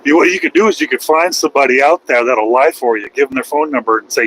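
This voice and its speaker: A man's voice: mid-range voice, lively intonation, fast talker, a bit bright, poor audio. Middle-aged male trucker vlogging from the cab, folksy, rambling, casual swearing; faint road noise. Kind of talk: casual chat while driving.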